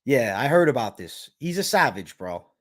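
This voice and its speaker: A man of medium pitch with a sing-song delivery at normal speed hosts a live betting stream. He chats casually and brashly, swearing freely and saying "bro" a lot while answering viewer questions.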